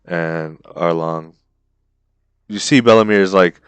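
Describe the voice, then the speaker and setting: A man with a very low, smooth voice recaps a story for his podcast co-host. He tells it with excitement and slang, dropping bro and dude often. The sound is close and dry, with no room around it. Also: slow, dry recording, lo-fi sound, faint music behind. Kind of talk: casual chat.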